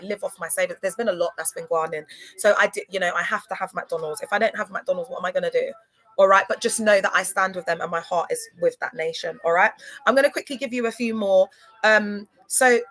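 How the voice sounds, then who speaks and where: A woman's voice: medium pitch, pushed and bright. A woman talking casually to viewers on a livestream, sassy and emphatic, often stammering and repeating words. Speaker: live streamer.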